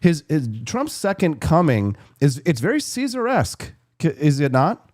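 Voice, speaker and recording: A man's voice: fairly high pitch, big pitch swings, moderate pace, no room sound, studio quality. A man hosting an interview show, talking emphatically and often restarting his sentences. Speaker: show host. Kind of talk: interview conversation.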